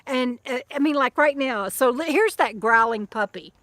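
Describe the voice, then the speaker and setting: A woman's voice: high voice, lively intonation, normal speed, a bit bright, no room sound. A middle-aged woman vlogging from her van campsite, chatting loosely with viewers, often restarting her sentences and breaking off to fuss over her dog. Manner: rambling and chatty, with many restarts and fond asides to her dog. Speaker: vlogger and author living in a van. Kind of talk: casual livestream chat reading viewer comments.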